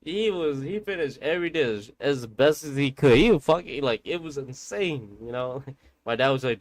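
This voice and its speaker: A man's voice: mid-range voice, expressive, normal speed, no echo. A man streaming a game who tells a long story in casual, rambling talk, with slang and swearing, addressing his viewers directly.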